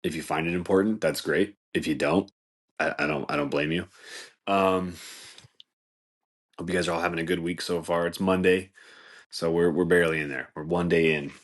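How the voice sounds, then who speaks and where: A man with a low, deep voice, talking loosely and at length as a podcast host. He rambles in a laid-back way, leans on filler words, and chuckles at his own remarks. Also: fairly even intonation, moderate pace, pauses often. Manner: rambling, laid-back, says "dude" and "like" a lot, laughs at his own jokes. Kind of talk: casual comedic monologue.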